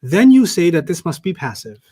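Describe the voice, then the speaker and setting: Animated male teacher telling stories in class. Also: fairly high pitch, a little fast. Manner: animated storyteller who acts out quoted people; asks students questions and checks their answers. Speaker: Arabic teacher. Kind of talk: casual storytelling and live teaching.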